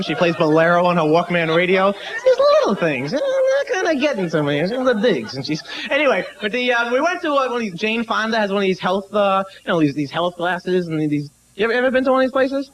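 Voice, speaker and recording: A man's voice: high voice, lively intonation, brisk, fairly bright tone, a little hiss or hum. A man from Brooklyn doing stand-up comedy, rambling and breaking off into asides. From Brooklyn, New York. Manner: rambling, self-interrupting asides. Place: comedy club stage.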